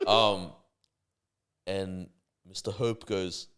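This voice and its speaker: A man's voice: deep voice, fairly even intonation, unhurried, long pauses, fairly bright tone. A young man from Australia, co-hosting a podcast and telling school stories in casual chat between friends, laughing hard as he goes. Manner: storytelling, laughs hard at his own stories. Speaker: podcast co-host.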